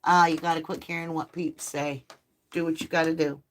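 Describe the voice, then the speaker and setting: A woman's voice: sits low, level tone, a little fast. A middle-aged woman hosting a live tarot stream, chatting casually with viewers and cooing baby talk at her dogs.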